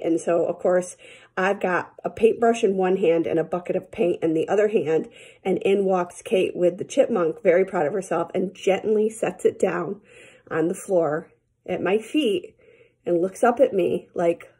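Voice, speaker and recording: A woman's voice: on the low side, normal speed, dark tone, breathy edge. A woman teacher telling her students a rambling story in a casual, chatty morning message, with lots of fillers.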